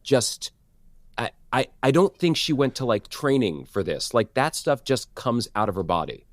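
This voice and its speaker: A man in his late thirties from New York City, a guest in a podcast interview, chatty and self-deprecating with halting restarts. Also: mid-range voice, expressive, no echo, clean studio sound. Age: 30s. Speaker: guest actor and producer.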